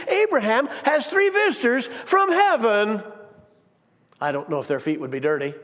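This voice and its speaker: A man preaching a sermon in a church, animated and playful, acting out quotes with big swings in his voice. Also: high voice. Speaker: pastor. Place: church sanctuary. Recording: long reverb of a church hall.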